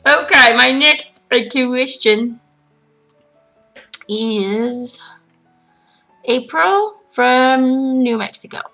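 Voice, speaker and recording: A woman's voice: high voice, drawn-out words, creaky, pauses often, pushed and bright, soft background music, poor audio. A woman medium answering follower questions in a chatty, giggly way, relaying a spirit's words. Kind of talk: casual channeled Q&A monologue.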